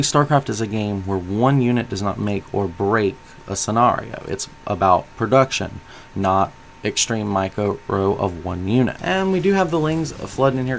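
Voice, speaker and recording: Guy with a gravelly voice breaking down a game replay, quizzes the viewer, a bit of hiss behind. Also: on the low side. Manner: coaching, asks the viewer questions. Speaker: game analysis coach. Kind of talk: analytical game commentary.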